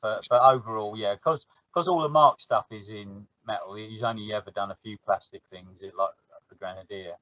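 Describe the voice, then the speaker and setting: A man's voice: lowish voice, moderate pace, a bit bright, no room sound. Chatty South London man, dull dry audio. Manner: chatty, laughs easily, acts out little quoted exchanges. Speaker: guest. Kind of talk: casual podcast chat.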